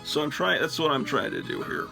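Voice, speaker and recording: An older man chats on and on in a loose, rambling way, poking fun at himself. His voice sits a bit high and has a gravelly rasp. Music plays clearly behind him, and he records on a phone. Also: sing-song, a little fast, poor audio. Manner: rambling, chatty, self-deprecating. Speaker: host. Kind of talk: casual solo chat while sorting comics.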